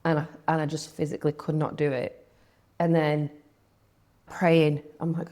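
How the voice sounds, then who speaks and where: A woman's voice: low voice, little pitch movement, moderate pace, dark tone. A young woman, talking candidly as an interview guest, chatty, with lots of "like" and quoted thoughts.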